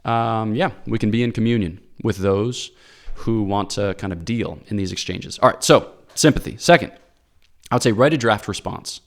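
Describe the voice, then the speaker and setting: A man with a somewhat low voice, speaking as a priest in an easygoing advice talk. He explains earnestly and keeps checking in with his listeners, tossing in "okay?" and "all right?" as he goes. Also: moderate pace. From Pennsylvania, USA.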